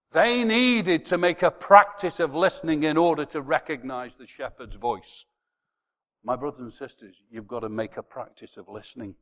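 Preacher man shouting his emphasis, reverberant hall. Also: medium pitch. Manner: bursts into loud shouted emphasis. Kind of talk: sermon.

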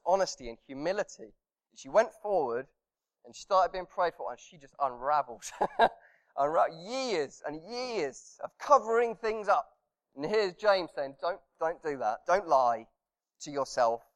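Man, preacher, relaxed storytelling sermon, slightly higher voice. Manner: anecdotal, chuckling, conversational.

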